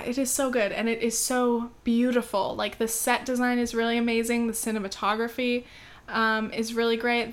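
An American woman vlogs casually about films she has seen, talking loosely with plenty of "um" and "like" and occasionally getting heated. Her voice is a little high and a bit bright.

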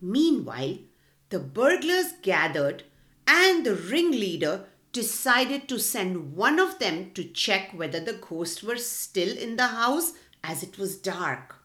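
A woman's voice: mid-range voice, fairly bright tone. A woman narrating a children's storybook expressively, speaking to the children directly. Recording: echoey room.

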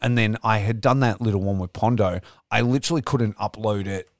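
A young man chats loosely on a podcast, stringing a story together with swearing and asides. His voice sits on the low side. It is recorded dry and close, with no room sound. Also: fairly quick, no room sound. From Australia. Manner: rambling, profane storytelling with laughs. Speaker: podcast co-host. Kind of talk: casual podcast chat.

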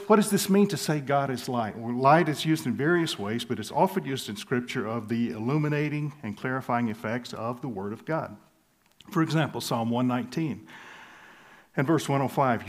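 Male pastor, mid-pitched voice, earnest expository preaching with emphatic stresses and soft chuckles. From southern United States. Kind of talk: expository sermon.

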